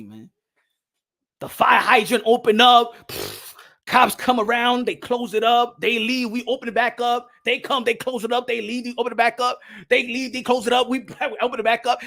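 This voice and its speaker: A man in his twenties hosting a boxing channel livestream in casual chat. He is rowdy, laughs a lot and often shouts. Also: very high voice, normal speed, creaky. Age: 20s.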